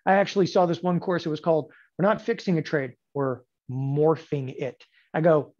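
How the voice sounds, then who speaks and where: A man's voice: fairly high pitch, fairly even intonation, normal speed, a little mellow, highs cut off. Emphatic, sarcastic man in his forties. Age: 40s. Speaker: options trading instructor. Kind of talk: live trading lecture.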